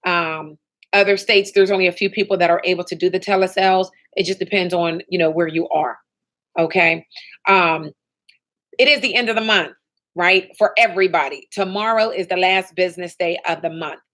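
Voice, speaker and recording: A woman's voice: fairly low pitch, moderate pace, a bit bright. A woman running a live training session for sales agents, upbeat and motivational, often checking in with "okay?" and "right?".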